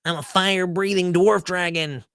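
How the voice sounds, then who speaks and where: A man's voice: high-pitched, fairly even intonation, moderate pace, fairly bright tone, clean tone, no room sound, voice pushed up. A man putting on a mocking nerdy voice as a boastful male rapper in mid-battle. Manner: mocking, nasal nerd voice.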